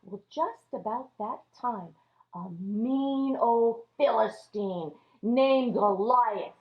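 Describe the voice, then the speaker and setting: A woman teaching a children's Sunday school lesson, telling the story in an animated way and addressing the kids as friends. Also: on the high side, slow pace. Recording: echoey room, dull lo-fi audio.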